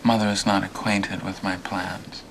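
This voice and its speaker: An actor playing a restless young man longing to leave home, talking in a tense, halting, bitter way. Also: low-pitched, level tone, a bit bright, a little hiss or hum, low-quality recording. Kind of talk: film drama acting.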